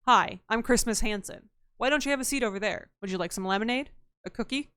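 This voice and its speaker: A woman's voice: a little high, fast talker, fairly bright tone, clear, resonant tone, dry recording, close to an everyday voice. A woman doing a brief impression of a creepy-polite middle-aged male TV host, mock-inviting and smarmy.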